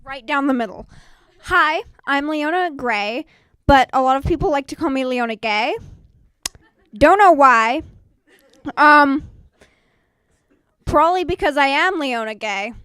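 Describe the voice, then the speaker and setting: A teenage girl performing a self-mocking stand-up comedy set at an open mic, bursting into loud acted quotes. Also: sits high, expressive, unhurried, dry recording, studio quality. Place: small live performance venue.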